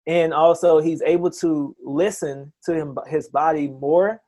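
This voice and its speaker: A man's voice: fairly high pitch, steady tone, mellow. A man who works as a chiropractor, talking eagerly in a casual interview, often restarting his sentences. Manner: enthusiastic, talks in quick bursts with many restarts.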